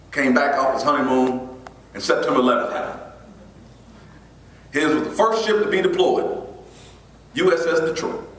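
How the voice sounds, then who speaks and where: A man's voice: medium pitch, distant mic, slight background noise. Man telling a story in an echoey hall. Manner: animated, breaks into laughter, imitates friends with quieter voice. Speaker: motivational speaker. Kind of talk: storytelling keynote speech. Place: large hall before an audience.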